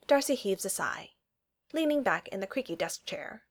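Casting: woman storyteller, lively intonation, reading fiction aloud. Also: medium pitch, normal speed.

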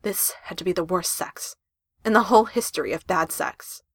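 A woman reading a story aloud in an expressive narration style with emphatic rises. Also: on the low side, normal speed, slightly rough, dry recording, clean studio sound.

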